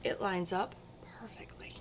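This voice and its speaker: A woman hosting a casual crafting livestream, chatty and gushing with excitement. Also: mid-range voice, moderate pace, whispered.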